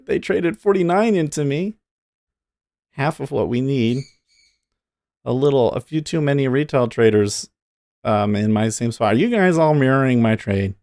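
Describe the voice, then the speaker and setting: A man's voice: mid-range voice, normal speed, darkish tone, no room sound, studio quality. A man hosting a live day-trading stream, thinking aloud and cheering on his trades in easy casual chat.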